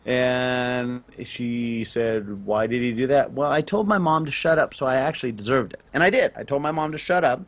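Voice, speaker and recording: A middle-aged man, telling a long personal story on a casual gaming podcast, rambling with restarts and getting loud on key points. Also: medium pitch, moderate pace, few pauses. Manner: animated, rambling with restarts, rises loud on emphasis. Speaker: podcast co-host and parent.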